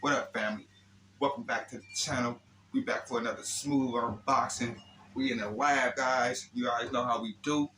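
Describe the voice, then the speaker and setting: A man with a mid-range, pushed and bright voice speaks at a moderate pace with fairly even intonation. He hosts an RC hobby channel and does a casual unboxing in an indoor room he calls his lab, talking in a laid-back, slangy way and often tossing in "man" and "you know what I'm saying." The room sounds echoey with faint noise.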